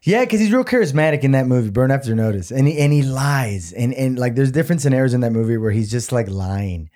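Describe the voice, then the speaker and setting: Casting: male podcast co-host, warm mellow tone, loose and profane, drops Spanish phrases. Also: mid-range voice, fast. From Amarillo, Texas area. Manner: animated, swears a lot, mixes in Spanish phrases. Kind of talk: casual chat.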